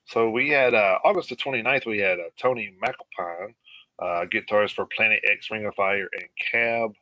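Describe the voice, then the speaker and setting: A man co-hosting a live radio show talks in a low, bright and forceful voice. He pauses often and fills the gaps with "uh" as he reads through lists. The sound is dry and close, with no room echo. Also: dull audio. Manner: halting, filler-heavy reading of lists. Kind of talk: casual live radio chat.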